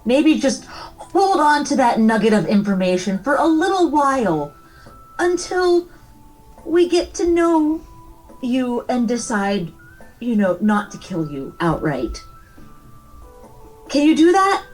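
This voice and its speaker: A woman playing a tabletop role-playing game, talking in character in a drawn-out, coaxing way. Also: sits high, big pitch swings, a little mellow, soft background music, low-quality recording.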